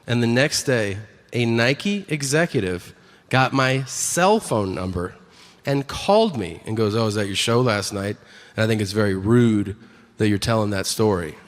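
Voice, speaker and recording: Lively profane stand-up comic man. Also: normal speed. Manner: profane, acts out both sides of dialogues with low voices. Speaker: stand-up comedian. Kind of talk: stand-up comedy set. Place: comedy venue stage. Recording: live stage set with long reverb and faint room noise.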